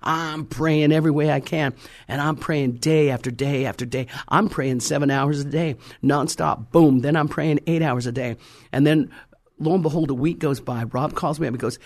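A woman preacher telling a testimony in a dramatic, animated way, acting out dialogue and breaking into fervent prayer. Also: sits low, a little fast. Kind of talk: testimony sermon storytelling.

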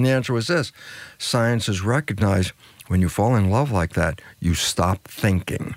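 An older man, a biologist guest in an interview, explaining ideas with lively storytelling and acted-out dialogue. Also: a little slow, no echo. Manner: acts out quoted dialogue, swings pitch widely for emphasis.

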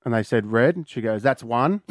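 A man's voice: medium pitch, animated, normal speed, no room sound. Joking Australian man on breakfast radio. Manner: joking, teasing. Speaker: radio co-host. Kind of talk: casual breakfast radio banter.

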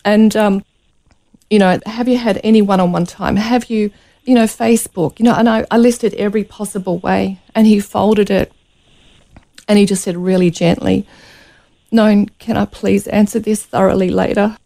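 In a mid-range, creaky and mellow voice, a woman tells a radio interviewer about a painful personal experience. Her tone stays steady and her speed normal, yet she is earnest, emotional and close to tears.

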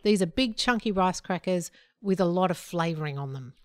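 A woman's voice: lowish voice, expressive, a little fast, darkish tone, no room sound, studio quality. A woman, co-hosting a podcast and chatting casually while telling stories and acting out what she said. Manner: chatty storyteller, acts out her own quotes. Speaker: podcast co-host. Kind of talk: casual chat.

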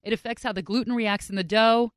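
A woman podcast host narrating in a chatty, expressive way. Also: on the high side, brisk, no echo, studio quality. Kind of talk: scripted narration.

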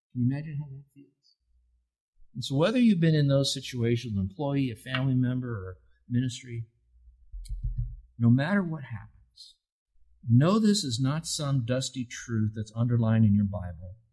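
Middle-aged male pastor, husky, earnest conversational sermon delivery. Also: mid-range voice, expressive, unhurried, long pauses, a little mellow. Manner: earnest, conversational preaching with rising emphasis.

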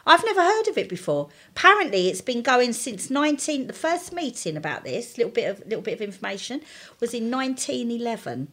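Casting: middle-aged woman, lively co-host storyteller, bright-ish voice with wide swings. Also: on the high side, brisk. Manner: animated storyteller, acts out quoted voices. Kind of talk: casual chat.

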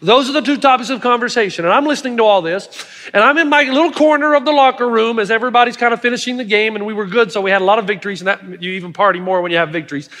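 A middle-aged man preaches a sermon in a strikingly high, bright voice. He tells stories with emphatic asides to the congregation. The sound rings with long reverb from a large hall. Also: rapid-fire. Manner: storytelling, emphatic with audience asides.

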